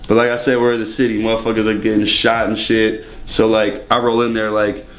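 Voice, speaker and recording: A man's voice: fairly low pitch, monotone, fairly quick, a bit bright. Profane, rambling young man. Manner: profane, rambling, laughs often. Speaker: interview guest. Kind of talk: casual storytelling.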